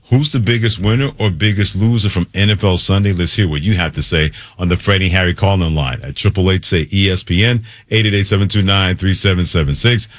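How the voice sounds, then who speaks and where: A man hosting a sports talk radio show, speaking in a brisk, conversational way from a studio. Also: deep voice, fairly bright tone, dry recording. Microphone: studio mic.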